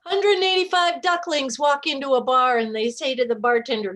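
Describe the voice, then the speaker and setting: A woman's voice: on the high side, fairly quick, hardly any pauses, fairly bright tone. A woman improv performer on a video call, telling joke setups and acting out the punchlines.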